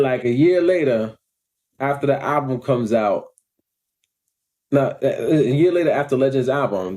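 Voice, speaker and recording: A man's voice: mid-range voice, mellow. A man, telling slangy stories in a casual vlog and laughing often. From Long Island, New York. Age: 40s. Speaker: vlogger and rapper.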